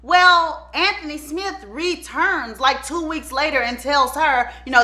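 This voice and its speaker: A woman hosting her channel, telling a true-crime story in a chatty, animated way and acting out the people in it. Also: high-pitched, unhurried, few pauses. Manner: animated, chatty, acts out the quotes.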